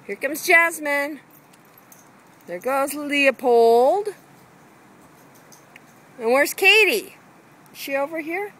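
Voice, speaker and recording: A woman's voice: high-pitched, animated, slow pace, pauses often, sharp tone. A woman filming her dogs in a backyard on a handheld camera, calling and coaxing them in a sing-song voice. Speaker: dog owner filming her pets. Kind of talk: casual home video narration. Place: backyard outdoors by a fence.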